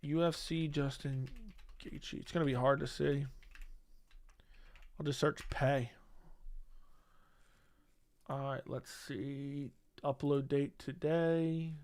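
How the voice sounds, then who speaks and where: A man's voice: medium pitch, fairly even intonation, slow, long pauses, a little mellow, clean tone. A man hosting a casual livestream, talking to chat and ranting with lots of swearing. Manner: profane, indignant ranting. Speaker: livestream host.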